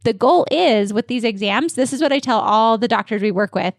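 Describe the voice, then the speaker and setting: A woman dental practice consultant giving energetic, confident coaching answers in an interview. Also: on the high side, brisk, dry recording, clean studio sound.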